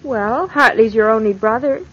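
Actress doing a chatty, nervous new wife, higher voice, old film dialogue, muffled sound. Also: female voice, moderate pace, natural voice. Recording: dull lo-fi old film audio.

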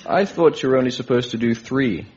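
Guy as teasing straight man, mid pitch, lo-fi and noisy. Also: a little fast. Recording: lo-fi recording with loud noise.

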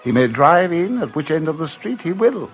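An actor playing a witty, carefree English gentleman traveler who also narrates, in a theatrical 1950s radio drama. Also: a little high, very animated, normal speed, soft background music. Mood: jaunty. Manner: theatrical, jaunty, elegant. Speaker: lead and narrator. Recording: muffled old radio broadcast.

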